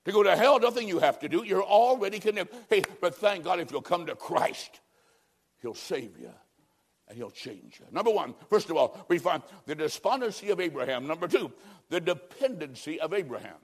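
A male preacher delivering an evangelistic sermon, swinging between loud emphatic lines and hushed, near-whispered endings. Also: high voice, expressive, normal speed, slightly rough.

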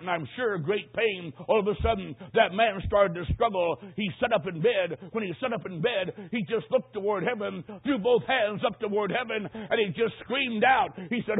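A man preaching a sermon, telling a story dramatically, dropping to hushed tones and rising to loud cries. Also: fairly high pitch, husky. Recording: tinny phone-like sermon recording.

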